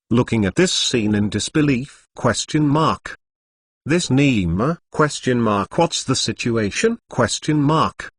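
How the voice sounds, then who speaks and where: Male synthetic narrator, lively pitch, dry close sound, reads punctuation marks aloud. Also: slightly rough, dry recording. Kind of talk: synthetic web novel narration.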